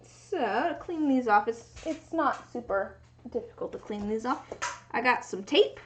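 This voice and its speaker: A woman's voice: fairly high pitch, lively intonation, a little slow, slight background noise. A young woman from the US Pacific Northwest chatting casually and thinking aloud during a livestream from her home craft workspace. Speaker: streamer making resin dice.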